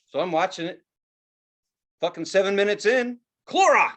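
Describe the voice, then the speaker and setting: This podcast co-host from the United States has a high voice and a moderate pace. His rant is casual and full of profanity, and he gets animated, mimicking advertisers in a louder voice.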